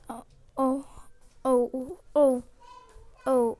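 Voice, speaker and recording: A woman playing a video game, reacting with frequent excited exclamations and gasps. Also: high-pitched, takes it slowly, pauses often, no room sound. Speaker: game player. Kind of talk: gaming commentary.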